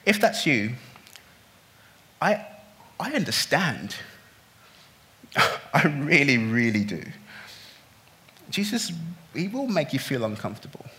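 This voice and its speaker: A man preaching a sermon, swinging from hushed, slow lines to loud, pleading outbursts. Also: mid-range voice, big pitch swings. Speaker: pastor.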